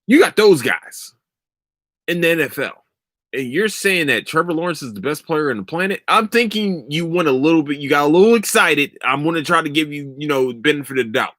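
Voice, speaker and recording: A young man on a podcast mic, ranting about sports with heated sarcasm and lots of swearing. His pitch swings widely as he jumps around. The sound is dry and close, with no room in it. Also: expressive, brisk, fairly bright tone, dry recording. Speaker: podcast host. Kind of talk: casual sports rant.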